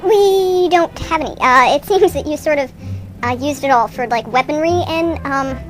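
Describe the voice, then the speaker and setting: A hapless advisor stammers through bad news, hesitant and nervous, as a woman puts him on. The voice is very high, with music behind in this improvised radio comedy. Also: normal speed, natural voice. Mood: awkward.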